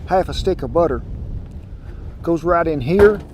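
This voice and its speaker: A man's voice: on the high side, expressive, unhurried, heavy background noise. A man hosting a casual cooking demonstration outdoors, talking in a folksy, chatty drawl. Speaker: cooking show host. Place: outdoors by a smoker grill.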